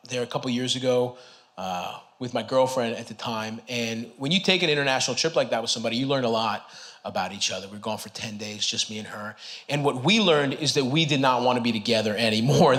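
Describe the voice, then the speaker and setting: A man working a comedy club stage through a handheld mic, telling stories in a relaxed, conversational way. He laughs along with himself and jumps up in pitch and volume to land his jokes. Clear background noise hangs over the recording. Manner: conversational, breaks into laughter, punches up lines with sudden loud jumps. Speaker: stand-up comedian. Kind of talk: stand-up comedy set. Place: comedy club stage before a live audience.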